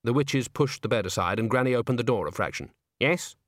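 A man narrating a story aloud in an expressive, scripted reading. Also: medium pitch, fast, no echo, studio quality. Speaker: audiobook narrator.

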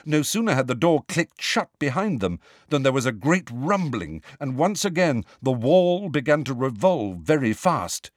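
A man narrating an audiobook with an expressive, steady reading. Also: medium pitch, moderate pace, few pauses, dry recording, clean studio sound.

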